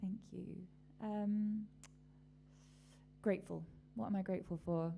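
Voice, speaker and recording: A woman's voice: mid-range voice, steady tone, a little slow, gravelly, phone-quality sound, slight background noise. A woman hosting a casual live-stream chat, talking in a rambling, chatty way with lots of fillers. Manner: rambling, chatty, many fillers and little laughs. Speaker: host.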